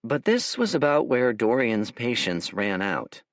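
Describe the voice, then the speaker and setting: A man narrating an audiobook in a wry, animated storytelling manner, recorded close to the mic. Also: medium pitch, measured pace, no echo. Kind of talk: scripted narration.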